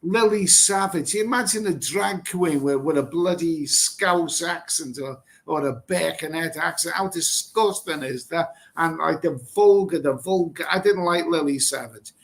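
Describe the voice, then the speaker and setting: A man's voice: fairly high pitch, measured pace, creaky, hardly any pauses. A middle-aged man from England hosting a live stream, reading out viewer comments and reacting in a blunt, rambling way, swearing casually and repeating himself. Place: Thailand.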